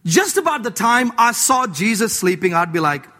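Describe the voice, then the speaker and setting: A man preaching a sermon as a pastor, emphatic, jumping from loud urging to low asides, in a church. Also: big pitch swings, normal speed. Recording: long hall reverb.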